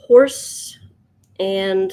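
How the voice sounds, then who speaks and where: A woman streaming live as she sketches, chatting to viewers and thinking out loud, yawning now and then. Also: medium pitch. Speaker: livestream sketch artist. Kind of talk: casual livestream chat.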